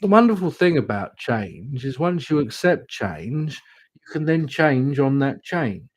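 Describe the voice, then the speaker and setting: English male tarot reader, husky, dry room, rambling livestream chat. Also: medium pitch, big pitch swings, dry recording, low-quality recording. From England. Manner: musing, slow and rambling, chatty asides.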